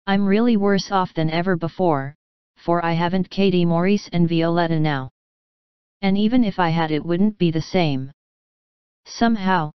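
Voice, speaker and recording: A dreamy, dramatic young girl full of romantic, old-fashioned turns of phrase, as a woman reads her in an audiobook. The voice sits fairly low and smooth, with a slightly dull, lo-fi sound. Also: no echo, natural voice. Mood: wistful. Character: dreamy, dramatic orphan girl, about eleven. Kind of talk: audiobook reading.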